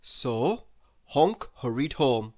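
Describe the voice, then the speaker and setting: A woman reading a children's bedtime story aloud, expressive and playful with asides to the listener. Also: extremely low pitch, extremely slow.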